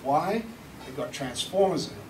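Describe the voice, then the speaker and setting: A man's voice: fairly high pitch, lively intonation, moderate pace. A British man presenting a live seminar to an audience, chatty and joking as he demonstrates. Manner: chatty, joking, swearing lightly. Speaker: seminar presenter, recording engineer. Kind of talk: live seminar talk and demo. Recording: echoey room from far off, with background noise.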